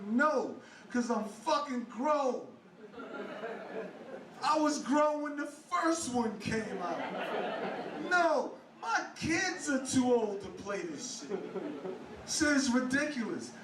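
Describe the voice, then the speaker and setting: A man's voice: very high-pitched, fairly bright tone, a little hiss or hum. A man doing stand-up, ranting profanely and exasperated about a fad. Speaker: stand-up comedian. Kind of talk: stand-up comedy set. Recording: echoey club heard from far.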